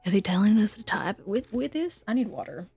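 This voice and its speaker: A woman streamer with a gravelly, fry-tinged voice, bantering with her chat in a teasing, giggly way while she reads game text aloud. Her voice sits in an ordinary middle register and is recorded dry and close, with soft music in the background. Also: mid-range voice, expressive, brisk, no echo. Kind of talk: casual gameplay commentary, reading game text aloud.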